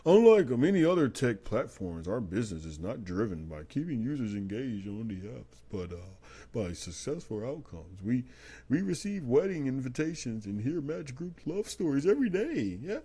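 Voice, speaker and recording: A man's voice: mid-range voice, sing-song, moderate pace, mellow, husky. A man mimicking a slick corporate spokesperson. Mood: chirpy PR.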